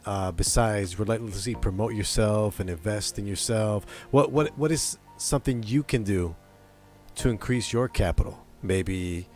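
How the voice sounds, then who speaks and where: A male host asking a guest questions, energetic and fond of citing facts and figures. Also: fairly low pitch. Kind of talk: interview questions.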